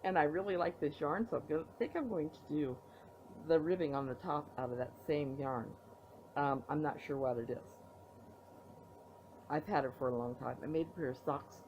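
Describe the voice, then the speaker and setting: This knitting podcast host is a tired middle-aged woman, yawning as she chats casually at home and playfully reveals her projects in a rambling show-and-tell. Her voice is low-pitched and a little mellow at a moderate pace. The tablet recording sounds dull, with a little hiss or hum.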